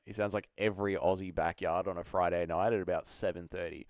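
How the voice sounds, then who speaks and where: A man's voice: low-pitched, fairly even intonation, quick pace, no room sound, clean studio sound. A man hosting a casual livestream, swearing freely, laughing often and answering chat messages. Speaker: livestream host.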